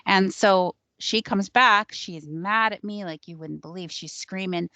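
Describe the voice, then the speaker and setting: A woman's voice: medium pitch, unhurried, hardly any pauses, sharp tone, no echo. A woman recounting a personal experience in a casual, conversational way, with frequent ums and likes. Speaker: psychic sharing her experiences on a panel show. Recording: dull lo-fi sound, dry.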